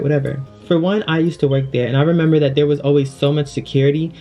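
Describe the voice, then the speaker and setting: A young man telling a personal story in a casual, chatty storytime, packed with fillers and animated retelling. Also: on the high side, fast, dull audio, faint music behind. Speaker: vlogger.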